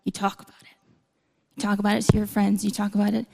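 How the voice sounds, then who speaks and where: Gravelly woman preaching in a big hall. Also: mid-range voice, monotone, quick pace, dark tone. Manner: conversational with playful asides. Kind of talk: sermon. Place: church hall. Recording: long hall reverb.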